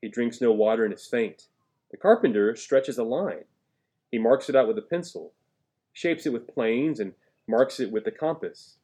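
Husky-voiced man preaching a sermon. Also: medium pitch, lively intonation, moderate pace, warm tone. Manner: conversational, asks the listeners questions, jokes and laughs; reads scripture aloud with emphasis. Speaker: pastor.

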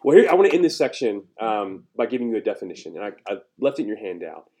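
A man's voice: very animated, fast talker, warm tone. Emphatic preaching man, call-and-response. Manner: pitch and volume rise sharply on key points. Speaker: pastor. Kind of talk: sermon.

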